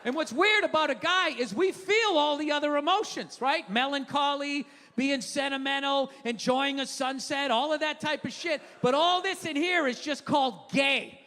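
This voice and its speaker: A man's voice: extremely high pitch, moderate pace, hardly any pauses, pushed and bright, a little hiss or hum. A middle-aged man doing a stand-up comedy routine, profane and ranting as he mocks himself. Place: comedy stage in a large hall. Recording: live hall with reverb, faint ambience.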